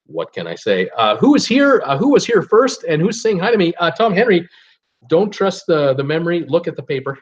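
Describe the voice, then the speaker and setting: A man's voice: on the high side, big pitch swings, fairly quick. A man hosting a live online show, rambling casually with many fillers and reading viewers' comments aloud. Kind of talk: casual live-stream chat. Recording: dull lo-fi stream audio.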